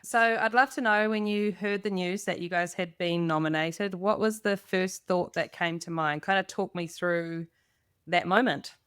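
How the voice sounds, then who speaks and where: A woman hosting a podcast interview, her voice smooth and a touch low. She asks her guests questions with upbeat encouragement. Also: moderate pace, fairly bright tone, no echo, studio quality. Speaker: podcast host. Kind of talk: casual interview.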